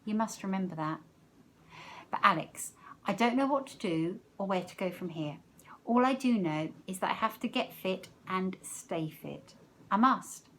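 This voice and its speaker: A woman teacher reading a novel aloud, expressive, letting her loudness rise and fall with the story. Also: mid-range voice, a little slow, a little hiss or hum.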